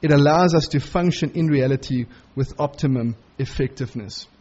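Lively high-voiced male preacher, husky. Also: highs cut off. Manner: animated, acts out the characters' lines in quick asides. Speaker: pastor. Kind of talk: expository sermon on a Bible passage.

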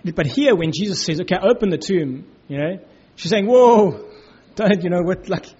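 A preacher with a high-pitched, fairly quick, slightly mellow voice and a breathy edge gives an informal Bible teaching, peppering it with "you know, like" and acting out the quotes. The recording is dull and lo-fi.

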